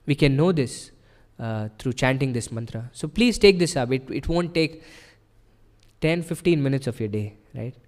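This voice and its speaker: In a temple hall, a man with a medium-pitched, expressive, slightly mellow voice delivers an earnest devotional sermon at normal speed, his words trailing into a long reverb. He explains things patiently and keeps checking in with listeners, often tossing in a rhetorical "right?".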